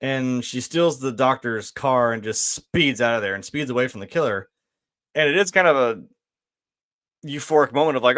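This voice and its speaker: A man giving a casual film review, laid-back and rambling, with lots of fillers, swearing and quick laughs. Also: medium pitch, fairly bright tone.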